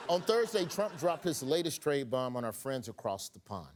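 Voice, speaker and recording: A man's voice: fairly high pitch, normal speed, hardly any pauses, background noise. A man hosting a satirical news show with a punchy, joking delivery. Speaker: comedy news host.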